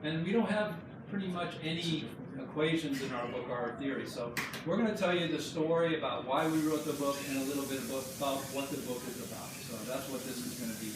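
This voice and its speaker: A man's voice: mid-range voice, fast, hardly any pauses. A man giving an informal slideshow talk about his book to friends and family, telling the story in a chatty, joking way. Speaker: book co-author presenting his book. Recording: echoey room, distant mic, background noise.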